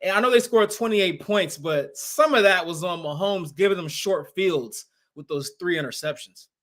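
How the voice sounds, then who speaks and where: A man's voice: sits high, moderate pace, a bit bright. A young man co-hosting a sports podcast, casual and leaning on filler words. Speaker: podcast co-host.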